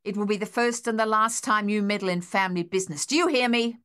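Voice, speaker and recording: A woman voicing a harsh, furious, domineering older husband who shouts and blusters, in an audiobook. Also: high-pitched, normal speed.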